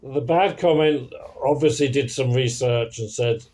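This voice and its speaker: A man's voice: medium pitch, measured pace, darkish tone. Dry self-deprecating male comedian. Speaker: comedian co-host. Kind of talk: casual comedy podcast chat.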